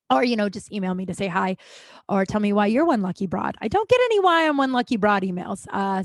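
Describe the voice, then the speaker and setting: A woman's voice: mid-range voice, dry recording. A woman hosting her own podcast, telling a long, rambling story in a casual, profane, self-deprecating way. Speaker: podcast host.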